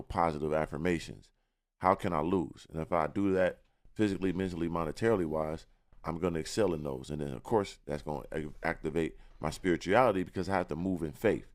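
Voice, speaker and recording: A young man, a rapper guest on a podcast, talking about himself with boastful confidence and street slang. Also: extremely low pitch. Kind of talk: casual interview talk.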